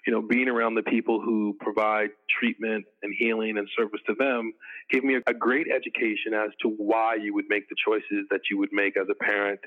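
A middle-aged man talking earnestly in a casual podcast conversation, making his points in measured lists. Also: fairly low pitch, little pitch movement. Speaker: podcast guest. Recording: phone-like tinny line.

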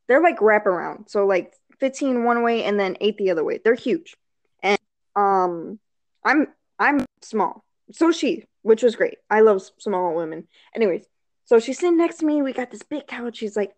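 High-voiced woman telling a rambling story. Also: no room sound. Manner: rambling, filler-heavy, laughs often, acts out quotes. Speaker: storyteller on a chat show. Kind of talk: casual storytelling chat.

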